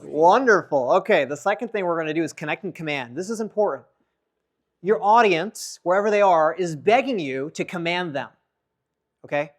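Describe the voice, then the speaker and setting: A man coaches public speaking in an energetic workshop lesson, swinging between loud and soft to demonstrate. His voice runs on the high side at a moderate pace.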